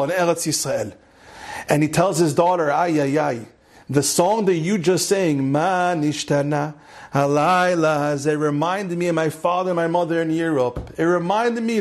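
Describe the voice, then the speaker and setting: Rabbi, male, higher register, animated storyteller who repeats phrases for effect. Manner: mixes Hebrew and Yiddish terms into English. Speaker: rabbi giving a Torah class. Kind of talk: storytelling Torah lecture.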